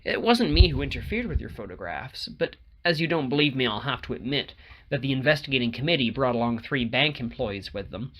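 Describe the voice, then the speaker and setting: An anxious young man, earnest and a little halting, pleading to be believed, as a man reading the story plays him. The voice stays close to the narrator's own, with lively swings in pitch and a bright, forward tone, told as an audiobook.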